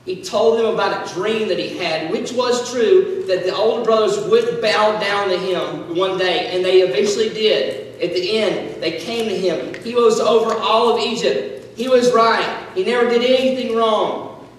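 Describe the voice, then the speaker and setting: A man giving a casual sermon, retelling a Bible story in a chatty, animated way with lots of fillers. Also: sits high, normal speed, slight background noise. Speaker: student speaker. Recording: echoey hall from far off.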